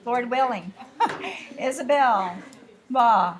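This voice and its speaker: Chatty teacher woman with a lilt. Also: a little high. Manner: chatty, with drawn-out asides and mimicked dialogue. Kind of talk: classroom lesson. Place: classroom.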